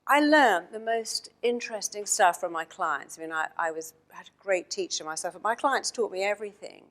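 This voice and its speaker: A woman with an English accent giving a storytelling keynote talk to an audience, animated and acting out the dialogue. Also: medium pitch, moderate pace. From England. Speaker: motivational speaker. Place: stage before an audience.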